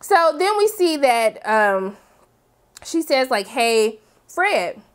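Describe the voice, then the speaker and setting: A woman hosting a TV episode recap, talking in a sassy, slangy, animated way with dramatic asides. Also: high-pitched, slow pace. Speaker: TV recap host. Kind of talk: casual episode recap commentary.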